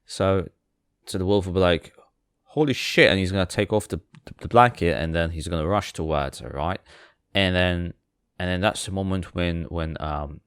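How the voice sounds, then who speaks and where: A man's voice: low-pitched, steady tone, normal speed, fairly bright tone, smooth, no room sound, clean studio sound. A man hosting a podcast, retelling a fairy tale with sarcastic, rambling asides and many fillers. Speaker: podcast host. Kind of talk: comic storytelling.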